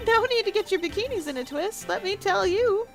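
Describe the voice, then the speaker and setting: A woman's voice: extremely high pitch, expressive, fairly quick, faint music behind, voice pushed up. Woman putting on a chirpy old head nun.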